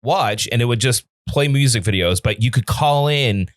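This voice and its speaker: A man co-hosting a podcast, telling stories in animated, casual chat. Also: medium pitch, normal speed, no echo. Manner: animated storytelling. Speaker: podcast co-host.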